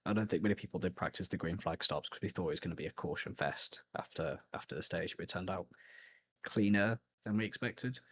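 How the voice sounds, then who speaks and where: A young man from central England with a Birmingham accent, giving a relaxed post-race interview and laughing often. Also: sits low, a little fast, slight background noise. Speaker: sim racing driver.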